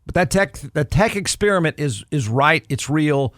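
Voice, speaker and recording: A man's voice: on the high side, very animated, normal speed, hardly any pauses, fairly bright tone, dry recording, studio quality. A man hosting a podcast, giving snarky, conversational college football commentary and repeating himself for emphasis. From Texas. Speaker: podcast host. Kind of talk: solo sports commentary.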